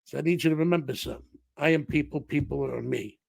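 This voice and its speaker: A man quoting a calm, gravelly God. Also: on the high side, fast, dry recording. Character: God, calm fatherly male voice.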